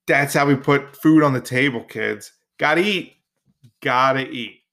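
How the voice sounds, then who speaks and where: A man's voice: on the high side, normal speed, gravelly, fairly bright tone. Male podcast host, casual solo monologue, jokey, rambling, playful asides.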